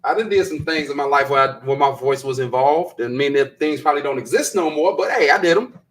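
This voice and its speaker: A man's voice: fairly high pitch, brisk, a bit bright, low-quality recording. A man hosting a live stream, chatting casually as he reads viewer comments, rambling, repeating himself and laughing often. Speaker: host of a live stream show.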